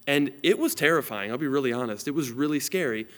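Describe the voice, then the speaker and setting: A man's voice: mid-range voice, lively intonation, quick pace. A man in his thirties preaching an online sermon as a pastor, telling a family story in an earnest way and reading scripture aloud.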